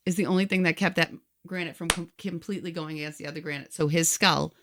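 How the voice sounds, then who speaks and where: A woman's voice: low-pitched, steady tone, fast talker, a bit bright, no echo, clean studio sound. A woman co-hosting a podcast, retelling someone else's story in casual chat and quoting the people in it. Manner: retells a story animatedly, quoting people in their own words. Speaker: podcast co-host.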